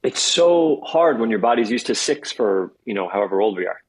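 A husky-voiced man of forty, talking at a rapid clip as an interview guest. He rambles through excitable asides and jumps from one thought to the next. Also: lowish voice, rough recording. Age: 40s. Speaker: guest actor. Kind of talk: casual interview chat.

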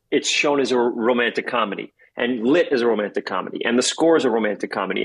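A husky-voiced man of forty, talking at a rapid clip as an interview guest. He rambles through excitable asides and jumps from one thought to the next. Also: mid-range voice, low-quality recording. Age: 40s. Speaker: guest actor. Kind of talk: casual interview chat.

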